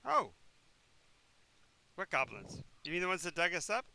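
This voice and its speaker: A man's voice: sits high, very animated, normal speed, pushed and bright, heavily acted. A man voicing a grandiose, scheming undead lich who swings between villainous boasts and sheepish apologies. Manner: melodramatic villain proclamations, then sheepish backpedaling.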